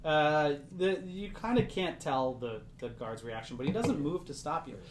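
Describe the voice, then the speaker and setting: A man's voice: a little high, animated, moderate pace. A man narrating as game master of a tabletop game, loose and chatty with plenty of fillers. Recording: roomy echo with faint background hiss.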